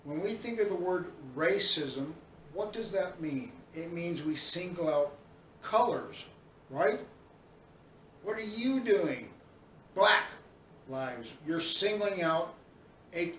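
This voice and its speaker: A man from Chicago giving a scolding, sarcastic monologue that often climbs into shouting. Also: high voice, lively intonation, takes it slowly, slight background noise. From Chicago, USA. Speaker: video commentator. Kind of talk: heated monologue rant. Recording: roomy sound, distant mic, faint ambience.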